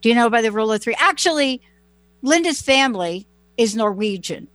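A woman's voice: on the high side, lively intonation, brisk, fairly bright tone, no echo. A woman hosting a talk show, chatting in a rambling, personal, folksy way. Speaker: host. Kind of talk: casual chat.

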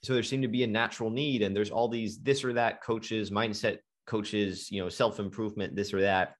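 A middle-aged man, a guest hypnotherapist, tells a story in an animated, emphatic way with frequent restarts. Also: fairly low pitch, moderate pace. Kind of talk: storytelling in a conversation.

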